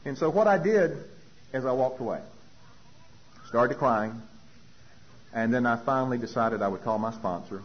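A man sharing his recovery story from a podium as a personal testimony, telling it in an animated way and acting out other people's voices. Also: medium pitch, moderate pace, long pauses. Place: speaking at a podium. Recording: dull lo-fi recording with faint hiss.

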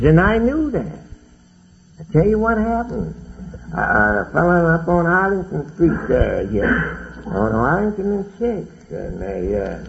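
Middle-aged man, gravelly, folksy testimony talk, muffled old lo-fi tape. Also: mid-range voice. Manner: plainspoken, folksy storytelling with dialect grammar. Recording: dull lo-fi recording with faint hiss.

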